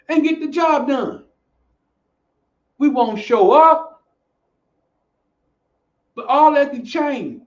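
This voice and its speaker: A man with a strikingly high voice gives a preachy, repetitive motivational talk as a fitness coach. The recording is muffled and lo-fi, in an echoey room. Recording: echoey room, dull lo-fi sound.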